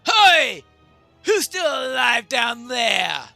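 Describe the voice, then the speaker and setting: A man's voice: very high voice, very animated, very slow, gravelly, pushed and bright, no echo, faint music behind, pitched above the performer's own voice, full character voice. A man doing a bellowing orc captain. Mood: furious. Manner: bellowing threats. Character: snarling brutal male orc captain.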